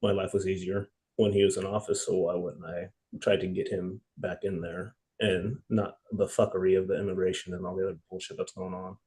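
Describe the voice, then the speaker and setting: A man's voice: deep voice, little pitch movement, a little fast, hardly any pauses, darkish tone, rough recording. A man hosting a podcast in casual chat, telling stories in a laid-back way.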